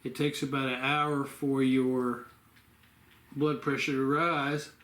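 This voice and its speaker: A man's voice: medium pitch, flat delivery, slow pace, a bit bright. A man vlogging casually at home in the evening, rambling and sleepy, stopping now and then to yawn. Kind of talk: casual home health vlog. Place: home room. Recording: roomy echo.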